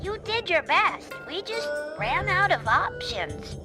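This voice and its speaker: A woman's voice: very high-pitched, very animated, slow, heavily acted. An actress playing a young female mechanic sidekick in a video game, speaking earnestly. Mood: apologetic. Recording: game audio with music.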